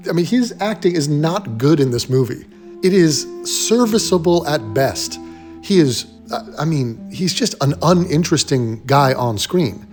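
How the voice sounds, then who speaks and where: A man delivers a blunt, sarcastic film rant in a slightly higher-than-average voice, swearing freely. He talks as a commentary host airing his verdict. Faint music sits low behind him. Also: animated, measured pace.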